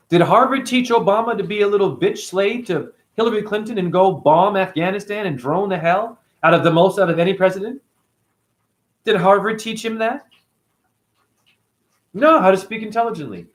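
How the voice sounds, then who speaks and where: A man's voice: high-pitched, a bit bright. A middle-aged man hosting a spiritual livestream, ranting in a profane, preachy way and answering his chat.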